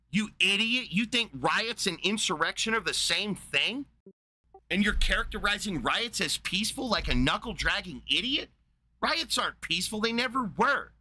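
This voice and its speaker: A man's voice: high-pitched, bright, forceful tone, no echo. A man hosting a livestream, angrily ranting at a viewer in his chat with heavy profanity and insults. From United States. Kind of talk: angry livestream rant.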